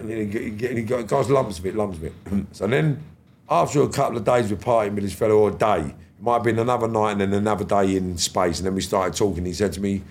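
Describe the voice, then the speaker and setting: A gravelly, fairly low male voice moves fast as a middle-aged podcast guest recounts stories in a casual interview. He animatedly performs the dialogue, peppering it with slang and swearing.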